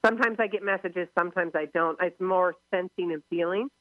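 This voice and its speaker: A woman's voice: lowish voice, fairly quick, no echo. A woman hosting a radio talk show, chatting casually and gushing, often laughing and acting out quoted voices. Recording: narrow phone-line sound, dry.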